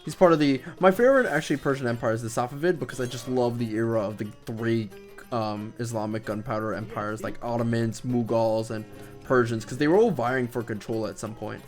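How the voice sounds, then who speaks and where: A man's voice: medium pitch, fairly even intonation, fairly quick. A man giving casual, rambling commentary over his strategy game, swearing now and then, with game music behind him. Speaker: gameplay commentator.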